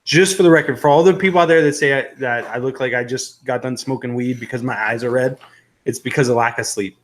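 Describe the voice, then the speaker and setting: A man's voice: mid-range voice, fast talker. Chatty male livestream host. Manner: rambling, joking, reads viewer comments aloud. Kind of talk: casual live-stream chat.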